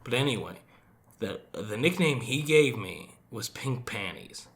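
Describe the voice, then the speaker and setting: A young man with a Utah accent, his voice bright and bouncing lively up and down as he tells stories. He swears freely in a loose, casual podcast chat. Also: medium pitch, unhurried. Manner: profane, animated storytelling. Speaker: podcast co-host.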